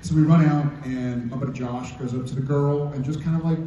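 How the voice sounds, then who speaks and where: A man on a convention panel, telling an animated story with playful asides. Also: mid-range voice, a little fast. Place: large convention hall. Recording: dull echoey hall sound from a distance.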